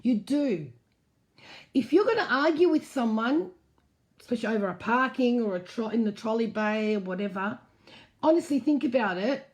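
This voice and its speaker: A woman's voice: on the high side, animated, moderate pace. A woman hosting a casual live stream, reading out viewer comments and answering them frankly. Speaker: host.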